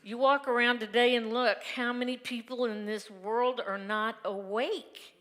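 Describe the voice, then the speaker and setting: In a reverberant church sanctuary, a woman minister shares a personal testimony sermon on a Sunday, speaking candidly and conversationally and laughing frequently. Her voice is on the high side and a bit bright, with a steady tone and slightly slow pace.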